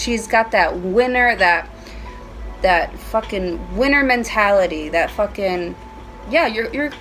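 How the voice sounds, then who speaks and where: Slow-talking woman giving a casual tarot reading. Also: mid-range voice, a bit bright, poor audio. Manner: chatty, profane and playful. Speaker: tarot reader. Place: at home.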